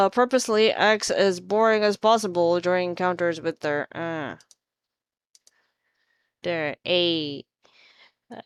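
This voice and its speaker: A woman's voice: on the low side, unhurried, pauses often, clear, resonant tone, no room sound. A woman hosting a casual chat stream, teasing her guest, swearing casually and laughing often. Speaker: livestream host.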